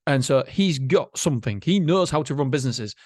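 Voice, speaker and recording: A man hosting a solo motivational podcast, chatty and animated, swearing casually. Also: mid-range voice, brisk, no echo, clean studio sound. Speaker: podcast host.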